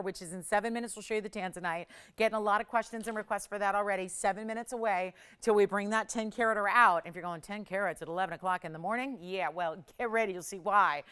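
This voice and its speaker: A woman's voice: mid-range voice, quick pace, few pauses, a bit bright, clear, resonant tone. A middle-aged woman hosting a live jewelry sales show, chatty and upbeat with bursts of laughter. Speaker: shopping channel host.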